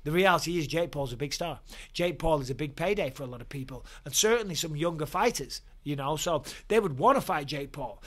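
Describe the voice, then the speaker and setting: A man's voice: on the high side, animated, fairly quick, fairly bright tone. A man in his forties, hosting a casual vlog rant, blunt and profane, heated about the topic. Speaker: YouTube host, former fighter.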